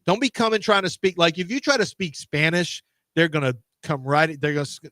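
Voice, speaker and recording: A man's voice: on the high side, fairly quick, no echo. A man hosting a radio show in casual studio banter, telling stories animatedly and acting out the voices. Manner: animated storyteller who acts out voices. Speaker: sports radio host.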